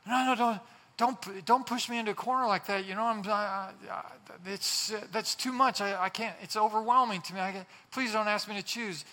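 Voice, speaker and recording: A preacher voicing a nervous, flustered listener who stammers and pleads to be left alone. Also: male voice, high-pitched, fairly quick, sharp tone, voice pushed up. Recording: long hall reverb.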